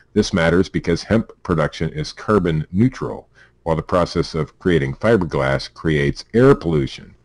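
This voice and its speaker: Deep pennsylvania guy reading stories off the page on a podcast, stumbles and jokes, dry close mic. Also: a little mellow, no echo. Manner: reads aloud with stumbles, laughs and asides. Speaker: podcast co-host reading news. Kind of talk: casual news chat.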